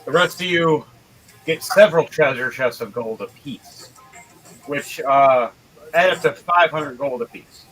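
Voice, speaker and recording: A man's voice: fairly high pitch, a little slow, a bit bright, faint music behind, low-quality recording. A man running a tabletop game as game master, narrating casually with fillers.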